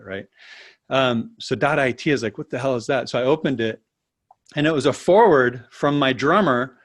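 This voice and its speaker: A man as an interview guest, telling a personal story in a lively, casual way and often tagging his sentences with "right?". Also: medium pitch. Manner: animated, tags sentences with "right?".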